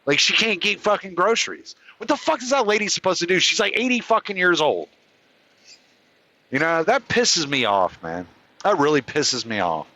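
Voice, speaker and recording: A man's voice: high-pitched, big pitch swings, normal speed, pushed and bright, slight background noise, poor audio. A man hosting his own show, delivering an angry, profane rant. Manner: furious, profane, heated ranting. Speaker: podcast host. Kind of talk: angry ranting monologue.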